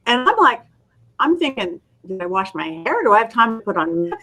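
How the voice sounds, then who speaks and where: In a low-quality recording, a middle-aged woman with a fairly high voice speaks a little slowly. She's a guest psychic medium in a casual interview, animatedly telling stories and acting out the voices of the people in them.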